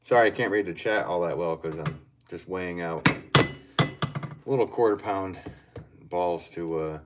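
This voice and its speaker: A man with a very low voice chats easily on a live stream, thinking aloud as he works and answering viewers. Loud background noise and clicks run under the recording from his studio. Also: normal speed. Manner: easygoing, thinks aloud, reads chat comments. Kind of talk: casual live-stream chat while working. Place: pottery studio.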